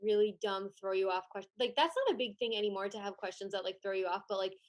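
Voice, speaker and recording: A chatty young woman speaks as a podcast guest with a mid-range voice. Her talk is casual, full of "like" and quick laughs. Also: mid-range voice, fairly even intonation. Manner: chatty, laughs often, heavy use of "like". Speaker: podcast guest, former pageant contestant and judge.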